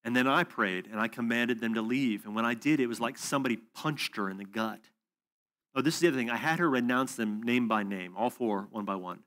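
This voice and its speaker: Male preacher, mid pitch, chatty storytelling delivery with frequent "um"s, teaching to a conference room. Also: fairly quick, fairly bright tone. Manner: storytelling, conversational with asides and fillers.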